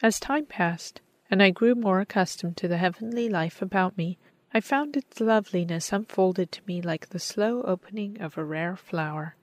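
A woman reading a story aloud as narrator, in a measured, earnest manner. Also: medium pitch, dry recording. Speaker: audiobook narrator. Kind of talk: scripted narration.

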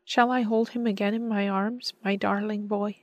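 A woman reading as a yearning young mother, soft and pleading. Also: medium pitch, level tone, moderate pace, dry recording, close to an everyday voice. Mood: longing. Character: yearning young mother longing for her son.

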